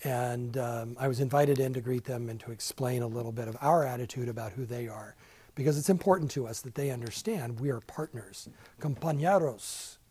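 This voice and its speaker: A man's voice: mid-range voice, fairly quick, darkish tone, breathy edge, dry recording, low-quality recording. An older man teaching a casual Bible class in a church classroom, chatty and self-deprecating, with many asides.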